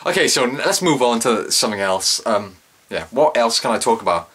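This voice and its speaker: A man's voice: mid-range voice, lively intonation, brisk, fairly bright tone, breathy edge. A young man giving a casual solo review of a TV episode, rambling and correcting himself, with exaggerated cringing asides.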